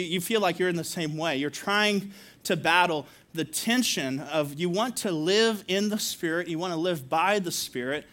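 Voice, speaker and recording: Guy pastor, kinda high voice, chatty sermon w laughs and asides to the crowd. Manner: storytelling, laughing, animated asides to congregation.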